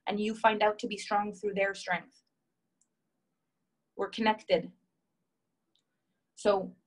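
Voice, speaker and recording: A woman's voice: medium pitch, low-quality recording. A woman coach speaks in a live session, telling a personal story and answering viewer comments. Her emphatic, heartfelt delivery leans on repetition and conversational fillers. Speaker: relationship coach.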